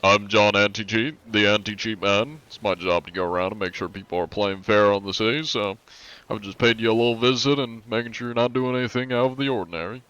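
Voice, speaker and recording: A man's voice: fairly low pitch, steady tone, a little fast, fairly bright tone, clear, resonant tone, no echo, highs cut off, lightly acted. A man voicing an overly formal male anti-cheat inspector who speaks with stiff, mock-official politeness. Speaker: gaming streamer.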